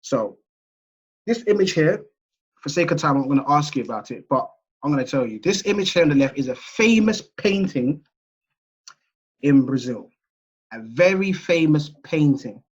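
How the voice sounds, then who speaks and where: An English man delivers a seminar lecture over a video call, talking in a relaxed, conversational way and often checking in with his audience. His voice has a slightly husky edge. The call audio sounds dull and muffled. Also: a little high, normal speed, long pauses. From England. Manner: conversational, chatty, checks in with listeners.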